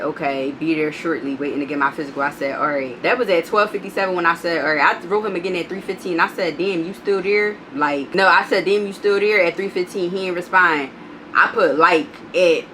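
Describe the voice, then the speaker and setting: A woman vlogger telling a storytime, blunt and profane, animated as she reads out text messages. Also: on the low side, a little hiss or hum, low-quality recording. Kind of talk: storytime vlog.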